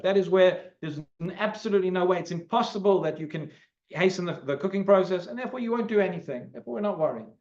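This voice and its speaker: A man as a rabbi teaching a class in a synagogue, explaining in an animated way and restarting his sentences often. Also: fairly high pitch. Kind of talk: Talmud class, explaining and debating. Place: synagogue hall. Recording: lo-fi recording.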